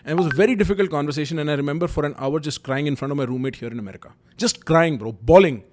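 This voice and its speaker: A man's voice: fairly high pitch, rapid-fire, a little mellow. A young man with an Indian English accent telling candid, emphatic personal stories to camera. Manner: candid, emphatic, mixes Hindi kinship words and slang. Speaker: YouTube host.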